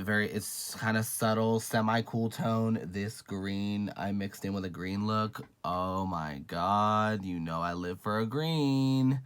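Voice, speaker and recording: A man hosting a casual makeup review vlog, sassy and gushing, calling viewers honey and girl and swearing freely. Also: on the low side. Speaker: beauty vlogger.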